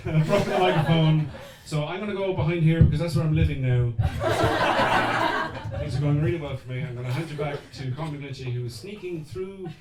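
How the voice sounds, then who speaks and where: A man's voice: on the high side, fairly quick, over a noisy crowd. A man doing a rambling, self-mocking stand-up set in a small pub room, with the audience laughing. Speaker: stand-up comedian. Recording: echoey pub room, far camera mic, loud noise.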